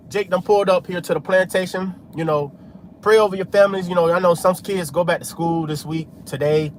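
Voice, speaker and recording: High-voiced man preaching from his car. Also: slight background noise. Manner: street preaching, repeats "man" and "hey". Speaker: religious vlogger. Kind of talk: preaching while driving.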